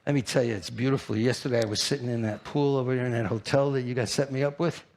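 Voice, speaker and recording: Older new york guy doing a keynote, brash and animated, pokes at the crowd. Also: medium pitch, fast, vocal fry. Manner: brash, animated, teasing the audience. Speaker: keynote speaker. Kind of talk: conference keynote.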